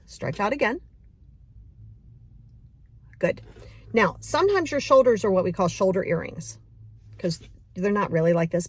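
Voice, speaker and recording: A woman leading a guided mindfulness exercise, talking casually and straight to the viewer with lively bursts. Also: mid-range voice, a little slow, long pauses, husky. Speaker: mindfulness coach.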